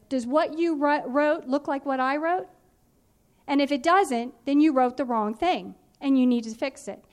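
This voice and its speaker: A woman teaching a phonics and spelling workshop, explaining in a clear, patient, instructive way. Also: sits high, darkish tone.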